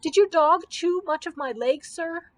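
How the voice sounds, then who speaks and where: A woman voicing a huge, cowardly candy giant who pleads in high, loud wails in a storybook reading. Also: unhurried. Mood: meek. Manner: high, loud, wailing pleas.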